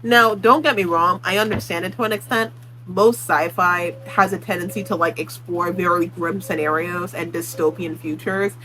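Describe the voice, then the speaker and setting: A woman's voice: on the low side, steady tone, normal speed, pushed and bright, slight background noise, low-quality recording. A woman book vlogger ranting her opinions in casual talk, blunt and exasperated, swearing freely. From Puerto Rican.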